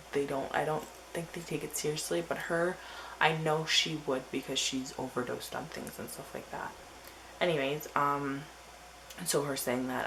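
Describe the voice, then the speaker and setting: A woman's voice: low-pitched, creaky, fairly bright tone, slight background noise, low-quality recording. A teenage girl telling a rambling story in a casual diary vlog, full of "like" and quoted asides. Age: teens. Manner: rambling, filler-heavy storytelling. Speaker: vlogger.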